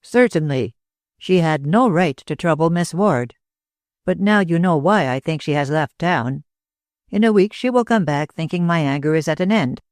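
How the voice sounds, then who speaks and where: A man voicing a curt, irritable gentleman. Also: on the high side, animated, normal speed, dry recording, studio quality, natural voice. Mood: irritated.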